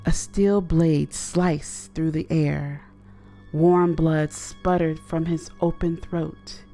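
Woman horror narrator, measured and low-key, deep and slow. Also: fairly even intonation, mellow, faint music behind.

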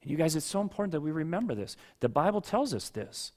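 Male pastor with a somewhat high voice giving a chatty sermon and drawing in listeners by name. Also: sing-song, quick pace, a little mellow. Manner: talks to listeners by name, asks for agreement. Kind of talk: conversational sermon.

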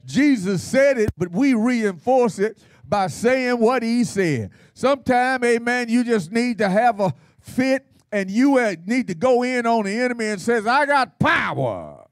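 A man's voice: extremely high pitch, a little slow, few pauses, dry recording, studio quality. A man preaching at a Bible study in a folksy, playful style, with call-and-response and laughter. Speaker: pastor.

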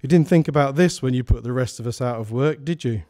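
A man's voice: mid-range voice, fast talker, dark tone, no echo, studio quality, close to an everyday voice. A man reading a story aloud, voicing a resentful working man who speaks accusingly.

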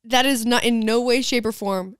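A fairly high-pitched woman speaks at a moderate pace with fairly even intonation and a clean tone. As a podcast host in her parents' living room, she chats casually, reads an ad, and is teasing and blunt with frequent giggles. The recording is clean studio sound with no echo.

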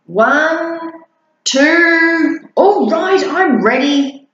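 A woman's voice: high-pitched, animated, very slow, fairly bright tone, pitched above the performer's own voice, full character voice. Woman doing a stern monster mum. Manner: stern and scolding. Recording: echoey room, dull lo-fi sound.

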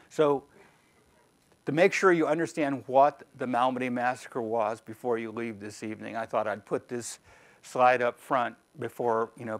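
A man giving a conversational history lecture with slides as a guest speaker, wry and digressive. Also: mid-range voice. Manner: wry, digressive, lively storyteller.

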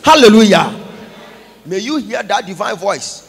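A prophet giving a call-and-response sermon, moving between English and Twi and breaking into chanted, sung lines and shouts. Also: male voice, very high-pitched, animated, moderate pace, vocal fry, breathy edge. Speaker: prophet preaching. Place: large church conference hall.

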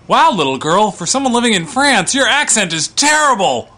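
A man's voice: sits high, very animated, moderate pace, pushed and bright, pitched above the performer's own voice, heavily acted. A man voicing a head of state who answers a child in a dry, mocking way. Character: French president replying dryly to a child.

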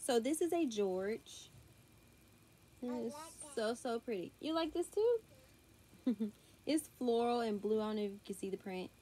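This young vlogger, a woman with a thick Southern US accent, chats through a clothing haul at home with her daughter nearby, drawling and saying y'all a lot. Her voice is a little high and mellow, with big pitch swings, a slightly slow pace and long pauses. Her tablet's built-in mic catches slight background noise.

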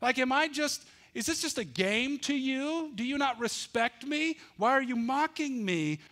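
Man doing a whining, high-voiced wife. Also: expressive, a little slow, a bit bright. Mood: hurt accusing. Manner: high, pleading, whining falsetto. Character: pleading, manipulative young wife Delilah.

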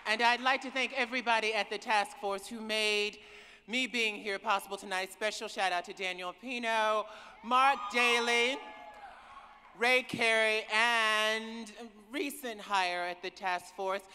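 A woman's voice: a little high, steady tone, a little slow, bright, forceful tone, a little hiss or hum. A woman giving an emotional, emphatic conference keynote, calling out to the audience. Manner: emotional, emphatic, calls out to the crowd. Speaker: keynote speaker. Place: large conference hall. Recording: reverberant hall with cheering crowd.

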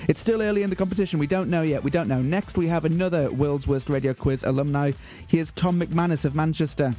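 Mock-grand male radio host, mellow. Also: fairly high pitch, fast talker. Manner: mock-grand, deadpan announcing. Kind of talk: radio show presenting. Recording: faint music bed behind.

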